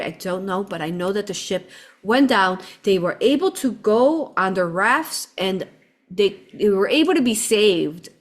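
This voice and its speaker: A woman vlogger telling a travel story in an excited, chatty way, often laughing and calling her viewers "you all". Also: mid-range voice. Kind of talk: animated storytelling vlog.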